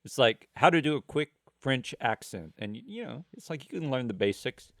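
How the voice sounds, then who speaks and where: A man co-hosting a casual podcast, joking around and teasing his partner. His pitch swings widely as he talks. The sound is dry and close. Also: lively intonation, fairly bright tone, no room sound. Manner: jokey, playful, quick to tease. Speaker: podcast co-host. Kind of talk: casual chat.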